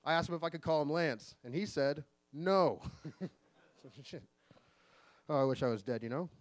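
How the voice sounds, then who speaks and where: A man in his forties doing an open-mic stand-up set, delivering deadpan one-liners with sudden pitch jumps on the punchlines. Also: normal speed. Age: 40s. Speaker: stand-up comedian. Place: live comedy venue.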